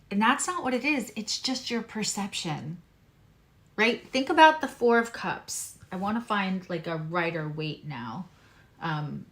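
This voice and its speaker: Medium-pitched, a little slow, and a bit bright with lively intonation, a woman gives a casual astrology and tarot reading. She hails from Long Island, New York, though she's lost that accent for neutral American, and she stays emphatic, repeating key phrases and chatting along the way.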